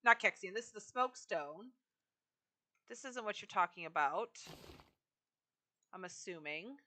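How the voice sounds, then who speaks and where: Bright-voiced woman chatting on a game stream. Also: medium pitch, animated, a little slow. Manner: chatty, talks to chat while decorating. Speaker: live streamer. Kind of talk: casual game-stream chat.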